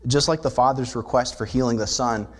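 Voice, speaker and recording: A man's voice: medium pitch, steady tone, fairly quick. A male pastor preaching a sermon in a church, explaining scripture earnestly and posing rhetorical questions to the congregation. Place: church sanctuary.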